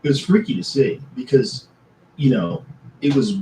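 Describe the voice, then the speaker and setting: A man talks in a plain, emphatic way, stressing his points with short repeated phrases. He sounds set back from the mic in a roomy space with faint ambient noise, and his voice sits at a middle pitch. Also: animated, moderate pace, dark tone, recorded from a distance. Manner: matter-of-fact, emphatic, tells his own encounters. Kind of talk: casual chat.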